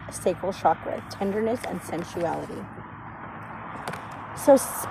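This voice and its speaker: Woman, intuitive reader, loose rambling delivery, salty language, noisy background. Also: lowish voice. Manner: rambling, swears freely, laughs often. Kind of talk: casual spiritual reading monologue.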